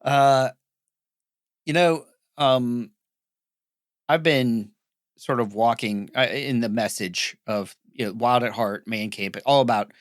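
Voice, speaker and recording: A man talking as a guest on a casual podcast, rambling with many pauses and restarts. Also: mid-range voice, no room sound, studio quality.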